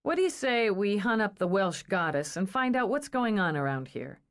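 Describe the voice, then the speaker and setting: A woman's voice: medium pitch, big pitch swings, moderate pace, lightly acted. A woman reading an audiobook, voicing a blunt, wry, irritable young librarian.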